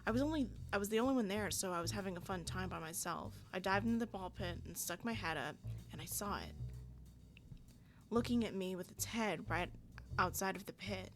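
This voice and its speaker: Woman as a young character in a story game; hushed, hesitant recounting. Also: medium pitch, fairly quick, soft background music, close to an everyday voice.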